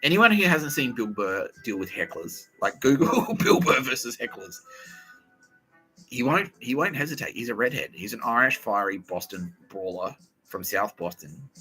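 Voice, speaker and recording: A man hosting a podcast, riffing in a profane, excitable, repetitive comedic monologue. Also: mid-range voice, normal speed, soft background music, low-quality recording. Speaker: podcast host.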